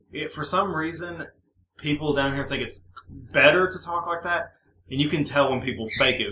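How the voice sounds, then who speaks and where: Young man, podcast host, sardonic, profane, bright tone, roomy echo. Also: medium pitch, a little hiss or hum. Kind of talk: casual chat.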